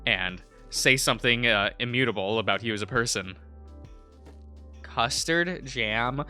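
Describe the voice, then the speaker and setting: A man's voice: medium pitch, a little slow, pushed and bright, soft background music. A man playing a visual novel and reading it aloud, giggly and self-mocking about his slips. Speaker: game streamer.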